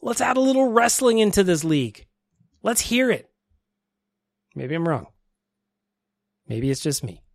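A male podcast host with a slightly high voice rants and jokes in a loose, self-mocking way. He is close on a dry-sounding mic. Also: measured pace, gravelly, pauses often, dry recording. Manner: energetic, joking, self-mocking. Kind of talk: casual sports podcast rant and ad reads.

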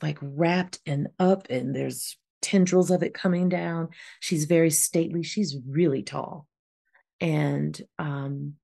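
Gravelly low-voiced woman, earnest. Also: mellow. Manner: earnest, rambling, many fillers. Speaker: podcast co-host. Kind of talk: casual spiritual chat.

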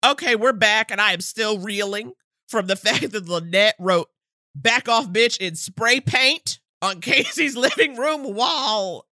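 A woman co-hosting a podcast, chatting casually about a film, animated, laughing often and acting out characters' lines. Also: medium pitch, a little slow, no room sound, clean studio sound. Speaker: podcast co-host. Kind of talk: casual chat recapping a film.

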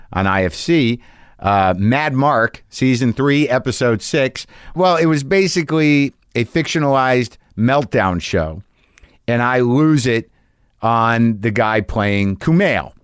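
A man's voice: mid-range voice, clean tone, dry recording, clean studio sound. A middle-aged man delivering a rambling, profane, self-deprecating monologue as a podcast host. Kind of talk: casual monologue.

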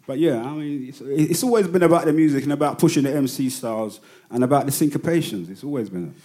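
A man in his fifties with a London accent, chatting as an interview guest. His mid-range voice stays lively as he tells stories, swearing freely and breaking into laughs. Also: mid-range voice, quick pace. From London, England. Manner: animated storyteller, swears freely, laughs often. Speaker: rapper guest. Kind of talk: casual interview chat.

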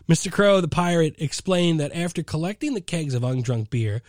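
A man's voice: a little high, expressive, normal speed, hardly any pauses, a little mellow, no room sound, clean studio sound. A man hosting a show, reading news items aloud and riffing on them in a rambling, sarcastic way, with some swearing. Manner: rambling and sarcastic, swears, many fillers and restarts. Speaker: podcast host reading news. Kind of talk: casual comedic news commentary.

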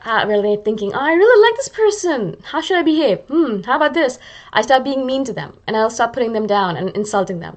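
Chatty self-mocking woman podcaster. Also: medium pitch. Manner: chatty and self-mocking, acts out her own thoughts. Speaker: podcast host. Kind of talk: casual monologue.

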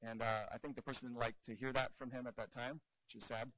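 A man teaching evangelism in an earnest, animated way, telling stories and acting out the dialogue. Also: medium pitch, fast talker, slight background noise, poor audio. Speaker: evangelism trainer.

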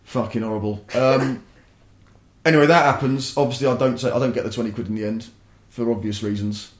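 A man's voice: medium pitch, brisk. Sweary young man telling a story. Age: young adult. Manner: sweary, rambling, animated. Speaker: podcast guest. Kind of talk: casual storytelling. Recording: roomy echo.

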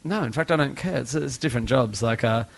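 A man's voice: medium pitch, fast, gravelly, dry recording, low-quality recording. A man, a podcast guest, talking casually and animatedly with many restarts and fillers.

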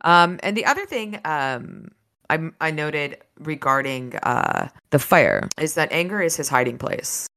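A low-voiced woman co-hosting a casual book podcast. She talks eagerly and rambles through her thoughts, often with a laugh. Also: big pitch swings, unhurried, fairly bright tone. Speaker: podcast co-host.

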